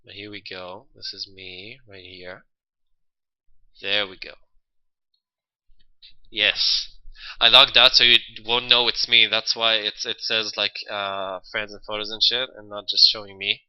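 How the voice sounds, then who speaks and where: A man's voice: lowish voice, steady tone, unhurried, pauses often, clean tone, muffled recording. A young man hosting a livestream, chatting loosely and swearing casually. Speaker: livestream host. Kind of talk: casual stream chat.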